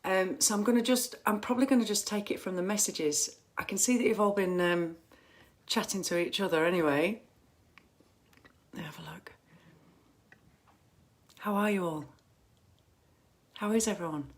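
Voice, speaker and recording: A woman's voice: medium pitch, fairly quick. Woman, casual livestream chat, phone camera, chatty, rambling, fillers and restarts, home. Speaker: musician hosting a fan livestream.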